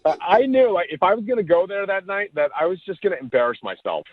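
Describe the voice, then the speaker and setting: A man's voice: high-pitched, sing-song, quick pace, a crowd in the background. A man in his forties calling in to a radio show, awkward and stammering. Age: 40s. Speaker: caller. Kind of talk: phone call on radio. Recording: tinny phone line.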